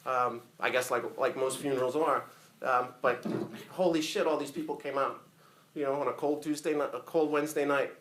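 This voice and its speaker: A man giving a casual, profane, animated eulogy full of stories at a memorial. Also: medium pitch, normal speed. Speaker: eulogy speaker. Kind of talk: funeral eulogy storytelling. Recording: echoey room.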